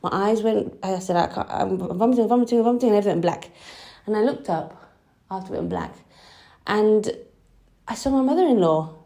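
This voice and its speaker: A young woman telling a personal story in a halting, emotional way, with many restarts. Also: mid-range voice, animated, mellow. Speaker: vlogger.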